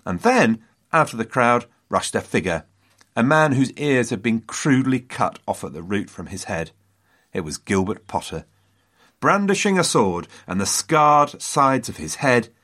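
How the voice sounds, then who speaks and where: A man's voice: medium pitch, very animated, measured pace, fairly bright tone. A man hosting a history podcast, telling the story dramatically with wry asides to his listeners.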